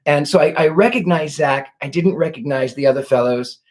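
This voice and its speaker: Male psychic host, fairly high voice, gentle and gushing, casual livestream chat. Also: a little fast. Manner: gentle and effusive, fond of 'lovely' and 'dear'. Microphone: home livestream setup.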